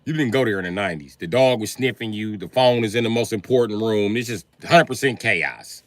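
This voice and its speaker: In a dry recording, a male comedian delivers profane comic stories live, playing both parties in each exchange at a brisk clip. When acting out scenes, he leaps into loud, high-pitched shouting.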